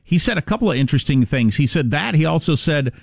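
A man's voice: fairly high pitch, lively intonation, quick pace, vocal fry, no room sound. A man hosting a talk radio show, wry and conversational with a dry humor. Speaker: radio host.

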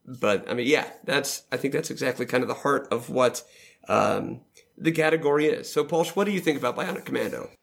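A man's voice: medium pitch, a little fast, vocal fry. A man hosting a casual roundtable chat about video games, leading the group and laughing easily. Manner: leads the discussion, laughs easily. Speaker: podcast host.

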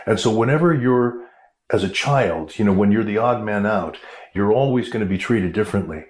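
A middle-aged American man, an actor, telling stories in a casual interview with lively, laughing delivery. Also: fairly low pitch, moderate pace. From United States. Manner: animated storyteller, laughs while talking. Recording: roomy echo.

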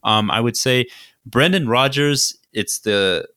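A man's voice: mid-range voice, slow, bright, forceful tone, smooth, dry recording, clean studio sound. A man co-hosting a casual football podcast, easygoing and a bit hesitant, with many "um"s and "you know"s. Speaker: podcast co-host. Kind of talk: casual sports chat.

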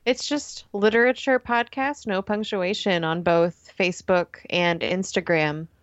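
Woman guest, mid pitch, dry, slightly dull sound, quick to laugh and rant. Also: no echo. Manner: laughing, ranting, animated storytelling. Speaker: podcast guest. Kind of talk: casual podcast chat.

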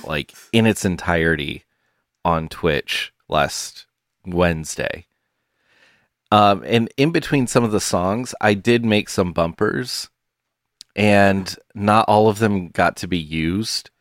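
A man co-hosting a podcast, with a very deep voice and an unhurried way of talking. He sounds laid-back and laughs often. The recording is dry and close. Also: dry recording. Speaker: podcast co-host. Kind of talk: casual chat.

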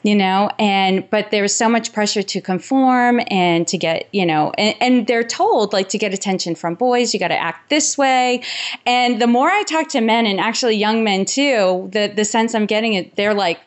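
A woman from New England hosting a podcast in casual, reflective conversation, quick to laugh. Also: medium pitch. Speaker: podcast host.

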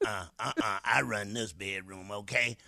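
A man voicing a domineering woman who barks orders in a low, gruff voice. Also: fairly even intonation, normal speed, pushed and bright, no room sound, studio quality, full character voice. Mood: bossy. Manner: commanding, growled orders. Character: bossy domineering woman running the bedroom.

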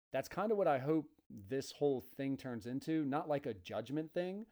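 Man, podcast host, laid-back, mellow warm voice, mid pitch, casual chat. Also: animated, unhurried, hardly any pauses. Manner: laid-back, says dude a lot.

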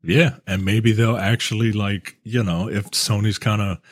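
A man in his thirties co-hosting a casual podcast, talking in a hesitant, wry way with frequent pauses and restarts. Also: on the low side, fairly even intonation, no room sound, clean studio sound. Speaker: podcast co-host. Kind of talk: casual chat.

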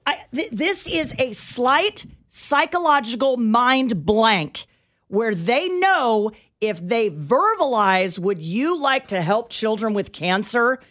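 A middle-aged woman co-hosting a radio show in a studio, telling an everyday story with animated, exasperated ranting. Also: a little high, takes it slowly. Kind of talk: casual talk radio chat.

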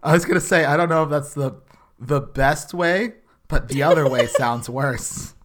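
A man co-hosting a comedy podcast, chatting casually with deadpan jokes. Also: on the high side, moderate pace, noisy background. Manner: deadpan jokey asides. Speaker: podcast co-host.

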